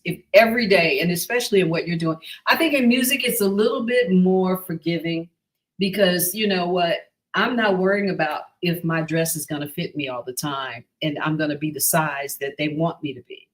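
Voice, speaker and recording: On a rough recording, a woman whose voice sits on the low side speaks at normal speed while hosting a talk show over video call. She poses long, rambling questions in casual interview style, with many restarts and side comments.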